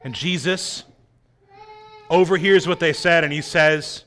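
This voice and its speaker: A man preaching a sermon, dramatic, swinging between loud emphasis and hushed, quiet lines. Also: fairly high pitch, steady tone, a little slow, pauses often. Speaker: pastor.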